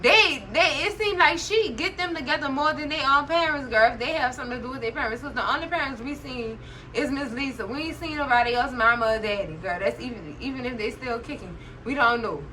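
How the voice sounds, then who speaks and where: Host read: woman, high register, bright tone, gossipy recap chatter, laughs a lot. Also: a little fast, slight background noise, poor audio. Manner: chatty, animated, constantly says "girl"; laughs often while talking. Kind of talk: casual TV recap commentary.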